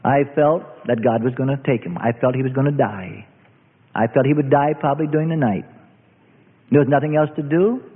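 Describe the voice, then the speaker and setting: A middle-aged man preaching a testimony sermon, earnest storytelling that drops low and hushed at tense moments. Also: fairly quick, breathy edge. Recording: tinny lo-fi recording in a reverberant hall.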